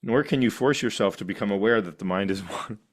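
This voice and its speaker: A middle-aged man teaching a meditation class, animated and laughing often, with playful asides. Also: fairly low pitch, fast talker.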